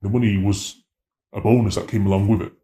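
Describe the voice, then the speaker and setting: A man, telling his story in an interview in a slangy, animated way and acting out dialogue. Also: lowish voice, a little fast, roomy sound. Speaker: interviewee, former drug dealer.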